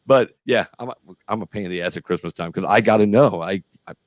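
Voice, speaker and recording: A middle-aged man hosts a casual interview show over video call, rambling at length with heavy fillers and swearing. His fairly low voice comes out fast, with no room sound.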